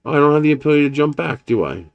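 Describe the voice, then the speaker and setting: A man's voice: fairly high pitch, expressive, rapid-fire, vocal fry, no room sound, lo-fi sound. A man live streaming, chatting casually and telling rambling stories, swearing now and then and chuckling often. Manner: chuckles often while talking. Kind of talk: casual chat.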